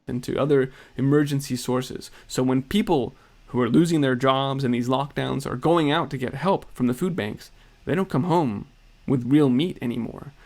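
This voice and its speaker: A man narrating news commentary, reading quotes aloud in a quick, pointed way. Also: mid-range voice, a little mellow. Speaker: video narrator.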